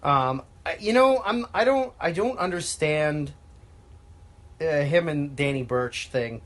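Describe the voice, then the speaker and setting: A man with a slightly high voice co-hosts a relaxed chat podcast. He mostly chimes in with short agreeing replies. Now and then he adds a dry, swearing aside. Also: takes it slowly. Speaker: podcast co-host. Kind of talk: casual wrestling chat.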